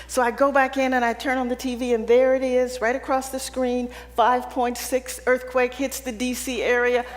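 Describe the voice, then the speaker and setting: A woman's voice: high voice, flat delivery, normal speed. A woman giving a keynote speech to an audience, telling personal stories with humor in a conversational way. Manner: humorous, conversational, often checking in with "right?". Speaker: keynote speaker. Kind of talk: public speech with personal storytelling. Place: event hall with an audience. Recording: long hall reverb.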